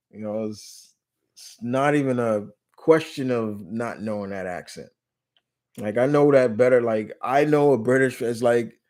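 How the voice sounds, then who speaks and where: New york guy hosting a live q&a, talks loose and rambly, lots of uh and restarts, blunt, swears a bit, mid-pitched ordinary voice. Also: a little mellow. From New York, USA. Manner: rambling, many restarts and fillers; blunt, jokey, swears casually. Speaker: live stream host. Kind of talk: casual live Q&A chat.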